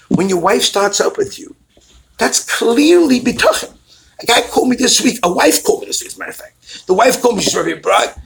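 A rabbi with a high, gravelly voice preaches by telling stories, acting out each voice in them. He swings between his own voice and those of the people in his tales. A faint hiss sits under the recording. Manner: animated storytelling, acts out callers' voices. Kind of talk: storytelling sermon.

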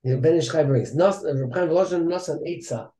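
A man with a somewhat high voice leads a casual study class. He chants Hebrew passages in Ashkenazi pronunciation and then explains them in everyday English. The room is echoey. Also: fast talker, warm tone. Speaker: teacher of a text-study class.

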